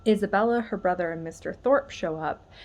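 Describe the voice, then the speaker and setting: A woman's voice: medium pitch, a little fast, darkish tone. Chatty woman gushing about a book. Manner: gushing, chatty, heavy use of "like". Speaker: book vlogger. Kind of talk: casual reading vlog chat.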